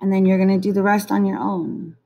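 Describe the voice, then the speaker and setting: A woman teaching young children a lesson, slowly repeating each word to model its syllables. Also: medium pitch, flat delivery, dark tone.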